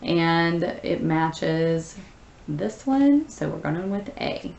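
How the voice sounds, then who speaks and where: A woman's voice: deep voice, lively intonation, extremely slow, creaky, darkish tone, reverberant, lo-fi sound, slight background noise. A woman teacher who reads a short story aloud, then patiently explains the answers step by step, with many fillers.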